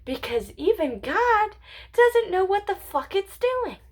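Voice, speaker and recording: A high-voiced woman muses aloud in a slow, unhurried ramble, her pitch swooping up and down. She slips into whispers and giggles as she wonders, talking to herself at home. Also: sing-song. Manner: musing, drifts into whispers and giggles. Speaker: channel owner. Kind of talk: rambling philosophical monologue.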